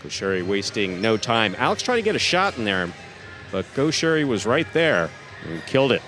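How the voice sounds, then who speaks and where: A man's voice: sing-song, fairly bright tone, soft background music. A man working as arena announcer and play-by-play commentator, calling out player introductions and then the action of the match. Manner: drawn-out booming name calls during introductions; quick, lower play-by-play calls. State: out of breath after introductions. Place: indoor jai-alai fronton. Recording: long hall reverb, faint arena noise.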